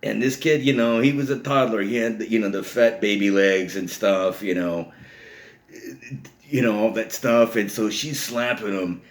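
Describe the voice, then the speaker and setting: A man's voice: on the low side, steady tone, normal speed. A middle-aged man, telling an old story in a casual, rambling way, full of "you know.". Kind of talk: casual spoken anecdote. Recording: roomy echo.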